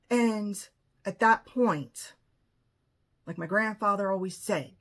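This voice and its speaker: A woman's voice: medium pitch, slow pace, long pauses, a bit bright. A woman telling a personal story in an emphatic, indignant way and acting out what was said. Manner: emphatic, indignant retelling with acted-out quotes. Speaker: vlogger.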